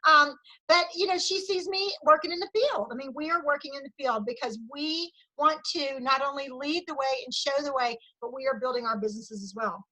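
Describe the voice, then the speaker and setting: A woman's voice: high voice, fairly quick, sharp tone, poor audio. A woman leading a sales team meeting over a video call, giving an enthusiastic pep talk full of cheering and recognition. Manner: enthusiastic, cheering, Southern "y'all".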